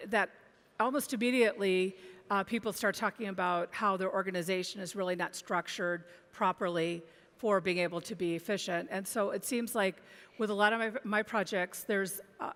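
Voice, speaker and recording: A woman's voice: medium pitch, fairly bright tone. A woman analyst speaking on a conference panel, thoughtful, with many restarts and fillers. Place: conference stage. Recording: long hall reverb.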